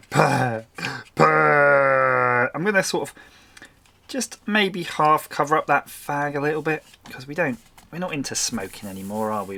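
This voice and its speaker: A man's voice: mid-range voice, a bit bright, a little hiss or hum. A man hosting a crafting channel, chatting casually and mocking himself while he works, with muttered asides. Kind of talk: casual chat while making a collage.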